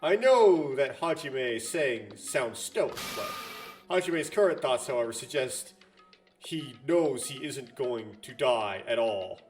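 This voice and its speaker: A man voicing a perceptive female psychologist who presses another character with slow, insistent questions. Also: medium pitch, animated, recorded from a distance, faint music behind, voice pushed down. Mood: probing.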